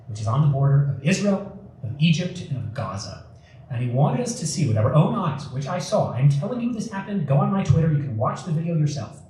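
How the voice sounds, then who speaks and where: A man's voice: a little high, darkish tone. A young man giving a casual, joking storytelling talk to an audience, with plenty of fillers, speaking at a community event. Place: community center hall. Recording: echoey room, mic far off, faint noise.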